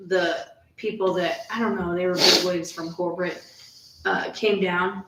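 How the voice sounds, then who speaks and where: A woman's voice: lowish voice, steady tone, a little slow, roomy sound, recorded from a distance, very noisy. A woman in casual chat, telling a rambling story full of fillers and asides.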